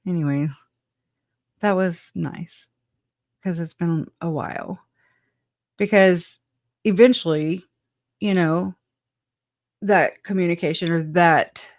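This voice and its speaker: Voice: mid-range voice, no echo, studio quality. Rambling speaker who laughs often. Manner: laughs often, trails off with "anyways"; reads and answers live chat comments. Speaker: guest telling personal story. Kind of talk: casual rambling storytelling.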